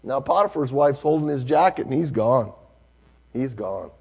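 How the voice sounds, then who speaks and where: A male preacher, telling a story in a sermon, swinging from hushed to loud. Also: a little high, fairly quick, breathy edge.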